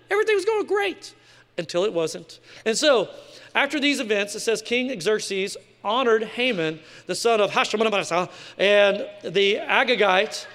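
Male pastor, casual joking sermon delivery, very high voice, long hall reverb. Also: fairly bright tone. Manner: casual, joking preaching with slang asides.

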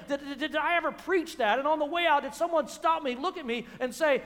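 A man preaching a sermon in a sarcastic, quick manner, often repeating words, in a church. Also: extremely high pitch, fairly bright tone. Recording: long hall reverb.

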